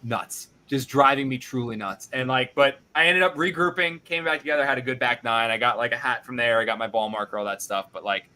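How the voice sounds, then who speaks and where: A male podcast host telling a casual, animated story, swearing freely and acting out his own reactions. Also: medium pitch, fairly quick, few pauses.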